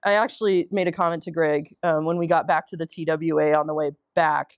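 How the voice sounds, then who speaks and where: Woman podcast co-host, chatty storyteller, dry close mic, quick to laugh. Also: deep voice, smooth, no room sound, dull audio. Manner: chatty storyteller, animated quoted voices, frequent laughs. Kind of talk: casual chat.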